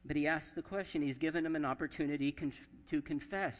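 A man's voice: on the high side, normal speed. A man preaching a sermon as pastor, his voice sitting a little above the usual male range. He reads scripture aloud and gives the quoted lines their own emphasis. The sound carries the long reverb of a church sanctuary.

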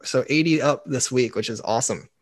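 A man's voice: mid-range voice, fairly quick. A man co-hosting a podcast, chatting in an easygoing way. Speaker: podcast co-host. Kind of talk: casual chat.

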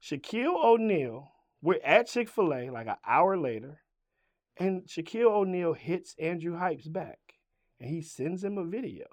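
A man's voice: fairly high pitch, expressive, a little slow. A middle-aged man from Richmond, Virginia, a rapper as an interview guest, telling a story full of swearing and acting out both sides of every conversation. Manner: profane, acts out both sides of dialogue. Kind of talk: animated storytelling.

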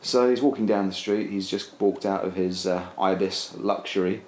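Deep-voiced man rambling through a comic tale. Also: normal speed, a little hiss or hum. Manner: rambling, deadpan, many fillers. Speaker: storyteller. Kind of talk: casual comic storytelling. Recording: roomy echo, faint ambience.

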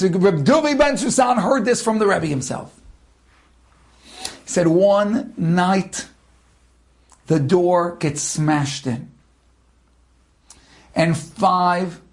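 High-voiced guy telling a religious story real slow, big dramatic pauses.

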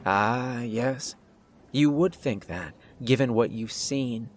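A man's voice: mid-range voice, slight background noise, lightly acted. A man voicing a coldly polite doctor. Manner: polite, measured, clinically detached. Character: calm menacing older male doctor, clinical.

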